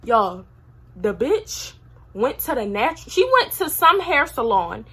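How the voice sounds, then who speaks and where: A young woman talks straight to her vlog audience, telling a long story in a casual, slangy, animated way. She jumps from loud bursts to muttered asides. Her voice sits a little high, with a bright, sharp edge and a husky grain. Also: a little slow. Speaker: vlogger.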